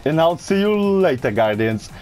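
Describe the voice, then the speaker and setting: A man with a Russian accent hosting a gaming video, excitable and chatty as he opens rewards. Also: a little high, moderate pace, soft background music. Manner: excitable, yells and laughs when thrilled. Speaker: gaming channel host. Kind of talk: gameplay commentary.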